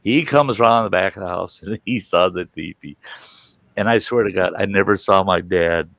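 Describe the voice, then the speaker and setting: Hosting a casual chat, a man tells a story from his childhood and animatedly acts out the voices of his family members. His voice sits low and creaky, his pace is moderate, and the recording is dry.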